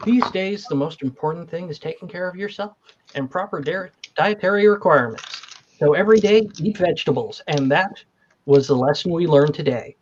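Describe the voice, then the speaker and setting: A man's voice: high-pitched, expressive, moderate pace, a little mellow. A man running a tabletop game as game master, narrating playfully and slipping into silly random accents. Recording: dull lo-fi stream audio.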